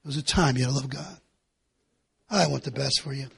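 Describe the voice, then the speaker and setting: A middle-aged man preaching a sermon, passionate and repetitive, rising to shouts and dropping to hushed pleas. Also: medium pitch, fairly even intonation, a little fast, vocal fry, husky. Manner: impassioned, repetitive, swinging between shouting and hushed pleading. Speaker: pastor.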